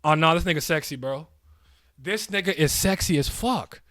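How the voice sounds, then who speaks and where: Young guy streaming, reacting to a comic, kinda high voice, hyped and swearing a lot, dry close sound. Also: moderate pace, no echo. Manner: excitable, profane slang, laughs often. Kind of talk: live reaction stream, reading a comic aloud.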